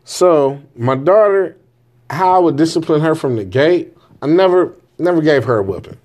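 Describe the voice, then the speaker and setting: A father in his forties speaks casually to camera about his views on parenting, telling a blunt, candid story about raising his kids, swearing and constantly asking "right?" to make sure the listener is following. His voice is on the high side and animated, slightly mellow, at a moderate pace.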